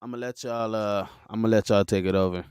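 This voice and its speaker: A man's voice: on the low side, a little fast, smooth, no echo, studio quality. A man co-hosting a podcast, welcoming listeners and telling stories with friends in a joking manner. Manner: animated, storytelling, joking. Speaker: podcast co-host. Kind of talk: casual chat.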